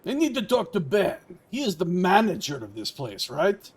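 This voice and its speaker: A man's voice: sits high, huge pitch swings, normal speed, slightly rough, voice pushed up, exaggerated voice. A man reading the lines of a blunt, insistent male motel guest in a video game. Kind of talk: reading game dialogue aloud.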